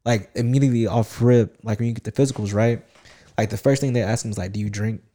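A young man in casual chat, telling stories in an animated, slangy way with lots of "like". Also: medium pitch, quick pace.

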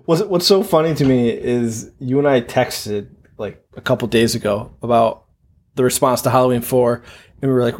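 A man's voice: mid-range voice, moderate pace, darkish tone. A man in his thirties co-hosting a podcast, rambling casually with chuckles and swearing. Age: 30s. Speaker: podcast co-host. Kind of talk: casual chat.

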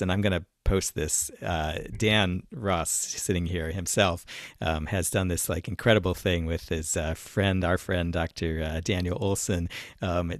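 A deep-voiced man co-hosts a podcast in a casual, thoughtful way. He circles back on himself often, restarting phrases as he works through ideas. The sound is close and dry, with no room around it. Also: no echo. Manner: thoughtful, rambling with many restarts and fillers. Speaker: podcast co-host.

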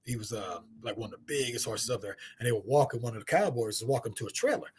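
A middle-aged man from St. Louis with a husky voice tells a story in casual talk, acting out the other people's lines in high voices and laughing often. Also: expressive, quick pace, darkish tone. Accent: St. Louis, African American Vernacular English. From St. Louis, USA. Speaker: guest storyteller, martial artist.

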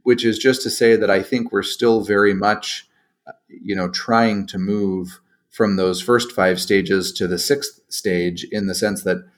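Male interview host, very low and even voice, reflective and searching. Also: measured pace. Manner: thoughtful, searching, many restarts. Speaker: podcast host.

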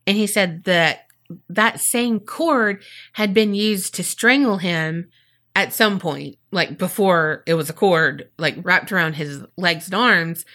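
A woman's voice: fairly low pitch, slow pace, pushed and bright. A woman co-hosting a podcast, casually retelling a true-crime case with profanity and playful acted-out quotes. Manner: chatty and profane, acts out quotes in funny voices. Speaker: podcast co-host.

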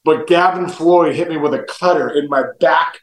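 A man co-hosting a baseball podcast from home, telling a playing-days story in a loud, animated way and leaning hard on "dude" and "bro". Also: fairly high pitch, normal speed, reverberant, rough recording. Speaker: podcast co-host, former pro baseball player. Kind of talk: casual sports chat, storytelling.

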